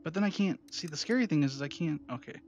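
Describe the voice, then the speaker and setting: A man's voice: on the high side, animated, fast, darkish tone, slight background noise. A man hosting a horror game let's play, yelping at scares and grumbling about the controls. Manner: jumpy, yelps and screams at scares, self-mocking complaints. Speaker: gaming channel host.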